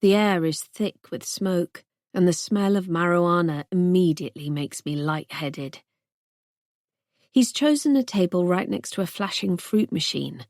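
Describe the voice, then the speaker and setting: A woman reads a first-person thriller audiobook in a tense, measured voice. She takes her time, letting each line land slowly. The recording is close and dry, with no room sound behind her. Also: fairly low pitch, a little mellow, dry recording. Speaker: audiobook narrator.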